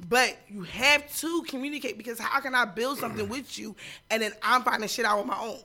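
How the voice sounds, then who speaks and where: Bright-voiced blunt woman. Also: on the high side, brisk. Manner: blunt, emphatic, swears freely. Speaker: podcast co-host. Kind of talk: casual chat.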